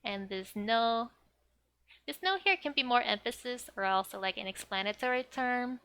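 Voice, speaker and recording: A woman's voice: on the high side, moderate pace, pushed and bright, clear, resonant tone. A young woman giving a casual, chatty language lesson, often laughing and leaning on "like". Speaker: language teacher.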